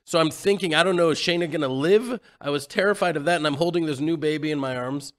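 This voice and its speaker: A man in his forties, co-hosting a radio talk show, telling a story in an emotional, animated way. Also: fairly high pitch, quick pace. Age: 40s. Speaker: radio co-host. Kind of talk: casual radio chat.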